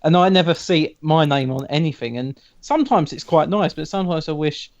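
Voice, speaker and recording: A man's voice: on the high side, expressive, fairly quick. Teasing male co-host on a dull mic. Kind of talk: casual chat.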